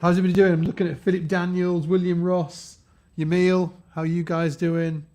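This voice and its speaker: Chatty male bass teacher, a little higher than usual, hosting a live stream. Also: little pitch movement, brisk, dark tone. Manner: chatty and upbeat, reads out viewer names, frequent fillers and restarts. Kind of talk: live-stream lesson, greeting chat viewers.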